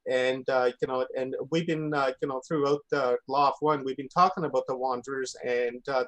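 A man co-hosting a podcast in casual chat, speaking haltingly with many fillers. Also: a little high. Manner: halting, full of "uh" and "you know". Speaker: podcast co-host.

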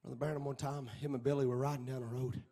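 A man preaching a fiery sermon. He chants in a sing-song cadence, builds to shouts, then drops into quiet storytelling. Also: medium pitch, level tone, fast talker, background noise.

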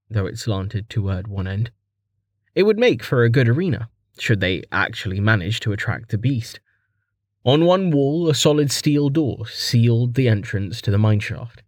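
A male audiobook narrator reading a fantasy web novel in an unhurried, measured way. His voice sits at a middle pitch and sounds dry and close to the mic, with no room sound. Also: no room sound. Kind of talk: scripted narration.

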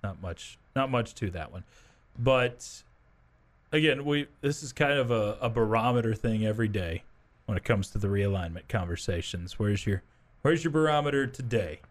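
A man's voice: on the low side, moderate pace. A man hosting a morning sports talk show, chatty, leading the conversation with questions to his co-host. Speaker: fill-in sports radio host.

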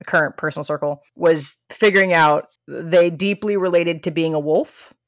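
A low-voiced woman co-hosting a podcast, her voice gravelly at the edges. She chats casually and explains things in plain words. Her voice is close and dry, with no room sound. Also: moderate pace, dry recording. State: has hiccups. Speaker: podcast co-host. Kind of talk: casual chat.

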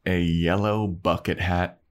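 A man with a low, deep voice talks through an episode recap in a relaxed, chatty way. He keeps slipping into the characters' lines as he retells the scenes. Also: takes it slowly. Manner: animated recapper who acts out characters in high falsetto voices. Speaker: podcast co-host recapping a TV episode. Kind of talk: casual chat.

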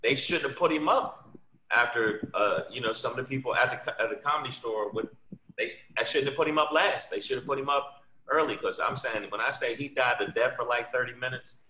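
A man's voice: medium pitch, brisk, pushed and bright, slight background noise. A man from New York, a guest comedian, telling blunt, profane stories in casual chat. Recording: echoey room.

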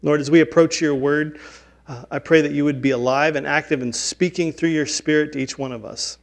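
A man's voice: fairly high pitch, fairly even intonation, a little fast, vocal fry. A man in his forties, a pastor giving an earnest, conversational, self-deprecating sermon in a church. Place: church sanctuary.

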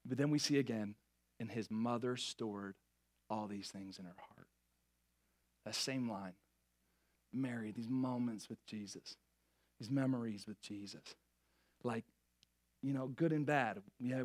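A young man preaching a sermon, lively and joking with the crowd, often stumbling over and restarting his words. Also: medium pitch, normal speed, long pauses. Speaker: pastor.

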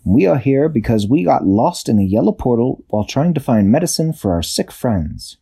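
A man voicing Captain Barnacle, a calm, brave male sea captain leading a crew in a bedtime story. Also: medium pitch, normal speed, creaky, breathy edge, heavily acted. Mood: earnest.

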